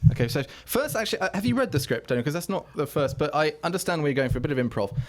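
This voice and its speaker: Bloke doing a frazzled director, talks super fast, politely losing patience. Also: male voice, on the high side, animated, close to an everyday voice. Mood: politely strained. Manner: quick, polite, exasperated. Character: flustered male film director. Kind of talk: comedy sketch.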